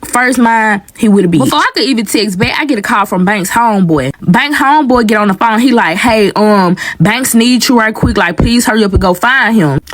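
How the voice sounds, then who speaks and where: A young woman tells a story in a casual, animated way, cursing freely and talking straight to her viewers. Her voice sits fairly high. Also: brisk, hardly any pauses. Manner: animated, profane, addresses viewers as y'all.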